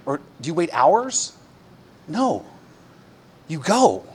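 A man delivering a sermon in a slightly raised pitch. He talks conversationally with plenty of fillers. He drops his voice low for the quiet parts and pushes it up for emphatic peaks. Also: big pitch swings, takes it slowly, slightly rough. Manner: conversational preaching with fillers, swinging from hushed to emphatic. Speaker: pastor.

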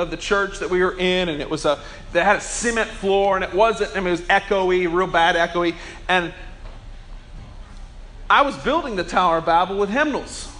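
Man, pastor, sermon, emphatic storytelling, high bright voice. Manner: storytelling, emphatic, acts out quotes.

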